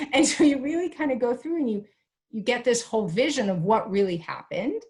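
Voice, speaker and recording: A middle-aged woman speaking as an expert guest in an interview, giving parenting advice in an animated way and acting out family dialogues. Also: moderate pace. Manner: animated, acts out family dialogues with big pitch jumps. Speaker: guest expert on teen mental health.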